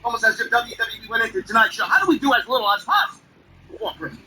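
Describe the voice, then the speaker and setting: Very high-pitched and animated, with a sharp tone, a man tears through profane wrestling commentary at a very fast clip, sounding sarcastic and fed up. Music plays behind his off-mic voice, and the recording quality is low.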